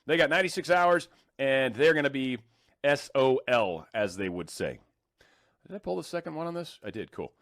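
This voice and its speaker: A man's voice: mid-range voice, animated, brisk, fairly bright tone, no room sound, clean studio sound. A man casually reading news articles aloud and adding sarcastic, joking remarks between passages. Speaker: commentary host reading news.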